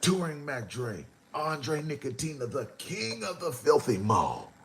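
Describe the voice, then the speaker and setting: A man hosting his own livestream, rambling to his chat in a slow, drawn-out way with sudden animated jumps. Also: a little high, vocal fry, breathy edge. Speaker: rapper hosting a livestream show.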